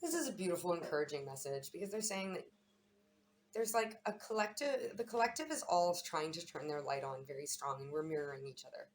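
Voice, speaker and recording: A woman's voice: lowish voice, sing-song, a little fast, slight background noise. A woman giving a casual, chatty tarot and astrology reading, often repeating words for emphasis.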